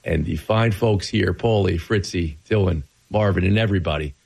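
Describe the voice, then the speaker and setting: A man filling in as host of a sports talk radio show, excitable and gushing, with his voice cracking. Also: low voice, normal speed, gravelly, slightly rough. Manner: excitable, gushing, laughs easily.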